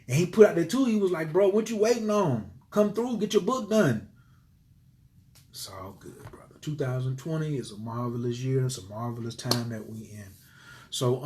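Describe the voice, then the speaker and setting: A man talking casually on a livestream to his viewers, animated and preachy, swearing freely and swinging between loud outbursts and quiet murmurs. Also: mid-range voice. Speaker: livestream host. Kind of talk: casual live-stream talk to viewers.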